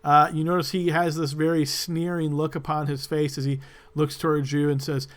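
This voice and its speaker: A man's voice: on the high side, level tone, moderate pace. A man narrating a tabletop game as game master, describing loosely with many fillers.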